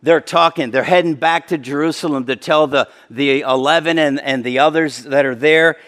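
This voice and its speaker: A man's voice: a little high, moderate pace. Preaching man in a reverberant hall. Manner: conversational preaching with sudden emphatic rises and soft drops. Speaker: pastor. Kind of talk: sermon.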